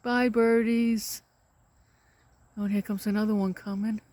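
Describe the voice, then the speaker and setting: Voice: mid-range voice, level tone, measured pace, darkish tone, no room sound. Dry-voiced person cooing to animals. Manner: coos and chats to pets and birds. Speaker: vlogger filming animals. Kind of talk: casual narration while filming. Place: outdoors in a yard. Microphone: phone camera.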